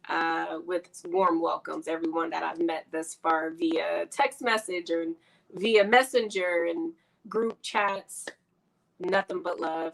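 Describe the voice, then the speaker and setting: A woman from Detroit hosting a live online interview, talking in an emotional, halting way and laughing often. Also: fairly low pitch, fairly bright tone, rough recording. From Detroit, Michigan. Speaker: host.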